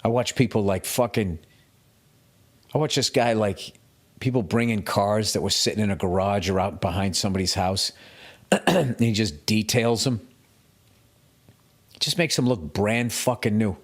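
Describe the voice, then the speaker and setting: Profane ranting man, low voice. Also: normal speed, long pauses. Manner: profane, ranting, self-mocking. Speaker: podcast host. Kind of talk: solo comedic podcast rant.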